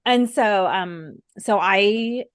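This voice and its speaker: A woman's voice: medium pitch, very slow, smooth, no echo, clean studio sound. A woman co-hosting a casual chat, talking easily and laughing often. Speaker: co-host.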